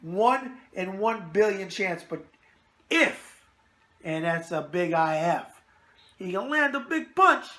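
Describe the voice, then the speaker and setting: Expressive and measured, this man's high voice sounds pushed and bright. Hosting a boxing web show in a casual video mailbag format, he speaks with a New York accent and is brash, full of wisecracks and catchphrases.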